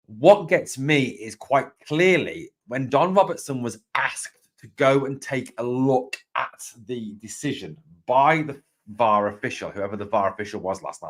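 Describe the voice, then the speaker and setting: A man's voice: on the low side, fairly bright tone. A man hosting a live fan podcast, talking emphatically, repeating his points and greeting viewers by name. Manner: emphatic, repeats points, opens with "now, look"; reads viewer comments and greets them. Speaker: podcast host.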